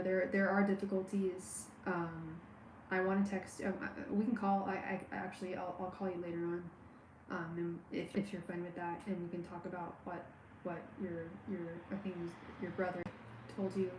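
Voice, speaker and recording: A woman giving a live tarot reading on a stream, speaking warmly and straight to the viewer, with many halting restarts and fillers. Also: on the low side, level tone, reverberant, noisy background. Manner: warm, personal, talks straight to the viewer. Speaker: tarot reader.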